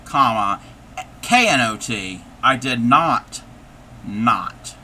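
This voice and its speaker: Bright, lively man chatting while crafting. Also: mid-range voice, extremely slow. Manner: thinks aloud and chats with viewers while working. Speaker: live-stream host. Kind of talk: casual live-stream chat while crafting.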